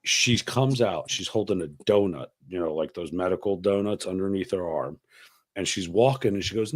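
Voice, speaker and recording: A man co-hosting a casual podcast, telling a wild travel story in a profane, animated way and acting out the voices of the people in it. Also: sits low, normal speed. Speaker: podcast co-host.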